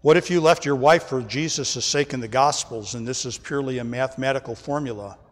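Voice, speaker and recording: With a medium-pitched voice and a brisk delivery, a man preaches emphatically as pastor in the large hall of a church sanctuary. The clip was recorded during a service, and he often calls the congregation folks.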